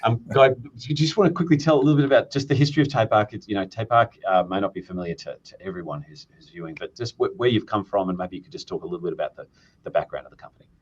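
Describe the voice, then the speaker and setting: A man's voice: lowish voice, very fast, slightly rough, dull audio. A man with an Australian accent hosting a live business chat, friendly and a little rambling over a video call. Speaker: host. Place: Seattle.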